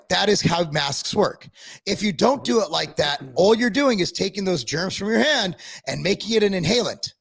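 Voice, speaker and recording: A man ranting on a live-stream talk show, sarcastic and mocking. His voice sits high and carries a heavy gravelly fry. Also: lively intonation, normal speed, fairly bright tone. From Tennessee. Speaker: podcast co-host.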